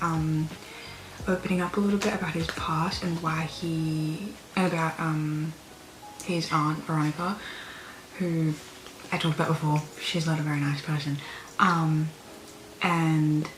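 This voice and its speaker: A woman's voice: sits low, a bit bright, reverberant, a little hiss or hum, rough recording. A young woman chatting in a casual reading vlog, gushing and rambling with lots of fillers as she talks from her bedroom. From Australia. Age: young adult. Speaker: book vlogger.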